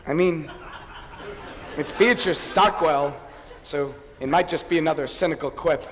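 A man's voice: fairly high pitch, slight background noise, natural voice. An actor playing a wistful man who narrates a favourite record with chatty, self-deprecating asides, captured on a stage. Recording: reverberant stage sound.

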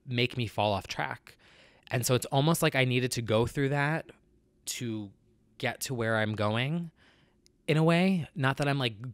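A man with a nasal voice talks earnestly in a casual vlog and works through his thoughts with lots of fillers. His pitch sits in the middle range. The sound is close and dry, with no room echo. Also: fairly bright tone. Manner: earnest and confessional, with many fillers. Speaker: vlogger. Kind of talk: casual personal vlog chat.

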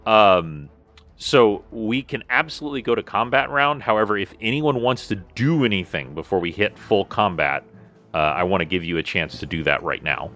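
A man narrating a tabletop game as game master, relaxed and full of fillers and restarts. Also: lowish voice, normal speed.

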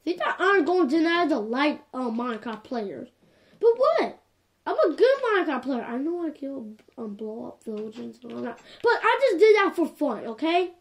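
A woman with a high voice giving casual game commentary. Her pitch swings widely, and she talks in an animated, exasperated way, circling back to the same complaints again and again. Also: normal speed. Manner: animated and exasperated, repeats "like, for real". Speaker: gameplay commentator.

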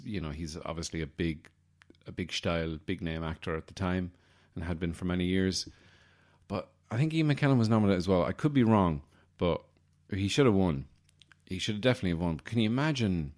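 This comedy podcast host has a very low, deep voice and a slightly mellow tone. His delivery drifts between tangents, wry and self-mocking, and he keeps catching his own slips and fixing them.

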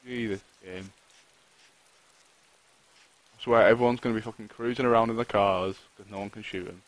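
A man's voice: lowish voice, steady tone, moderate pace, no room sound, low-quality recording. A man talking to himself while live-streaming a survival game, swearing often and griping at the game. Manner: swears a lot, talks to himself and the game, frustrated outbursts. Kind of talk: live gameplay commentary.

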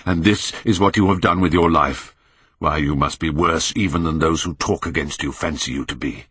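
A man's voice: very deep voice, moderate pace, a bit bright, husky, dry recording, heavily acted. A man reading an anguished middle-aged male painter in an audiobook, pleading and aghast, rising to cries.

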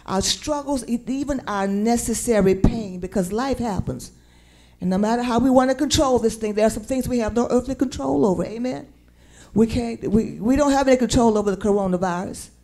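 In a church sanctuary, a woman preacher with a Southern American accent delivers a sermon with sung lyrics, drawing call-and-response from her congregation. Her voice is a little high, brisk, and dark in tone.

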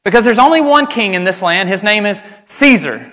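Preacher doing an impatient, blunt Roman governor, bright and high, church reverb. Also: male voice, animated, normal speed. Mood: alarmed. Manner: loud, casual and impatient. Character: exasperated Roman governor, adult man, blunt.

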